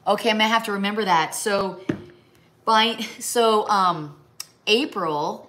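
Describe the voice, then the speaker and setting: A woman's voice: medium pitch, a little slow, pushed and bright, slight background noise. A middle-aged woman from the American Midwest chatting casually on a livestream while she crafts, rambling and breaking off to talk to her pets. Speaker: livestream host. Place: home kitchen or craft table.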